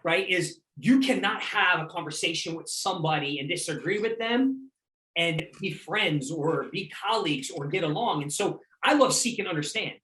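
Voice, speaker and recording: A man's voice: on the high side, animated, normal speed, pushed and bright. A man hosting a podcast, talking in an earnest, conversational way. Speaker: podcast host. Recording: roomy, distant mic.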